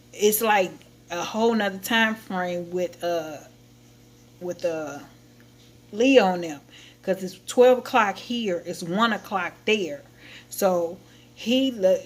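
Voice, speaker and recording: Woman livestreamer, mid-pitched voice, loose animated storytelling, casual chat. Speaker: livestream host.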